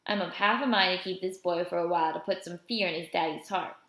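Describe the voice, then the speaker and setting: A caring mother figure with a quick scolding streak, read by a woman. She fusses over a thin boy and chides her joking father. The voice has a roomy ring around it. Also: on the low side, a bit bright. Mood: indignant. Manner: fussing, indignant, then tender. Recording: roomy echo.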